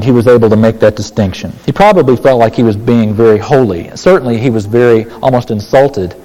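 A man preaching a sermon, animated and emphatic, with casual asides to the congregation. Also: medium pitch, long reverb tail, poor audio. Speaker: pastor.

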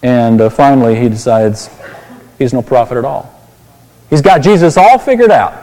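Male pastor, sermon, mellow voice, long hall reverb, asks the congregation questions. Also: mid-range voice, animated, moderate pace. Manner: explains a Bible passage, asks the listeners questions.

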